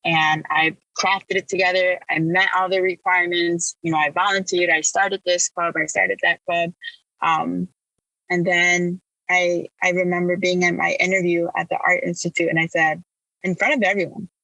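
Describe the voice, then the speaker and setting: A woman's voice: on the low side, little pitch movement, moderate pace, pushed and bright, no room sound, poor audio. A woman from Illinois, a podcast guest, telling her personal story in a candid, emphatic way.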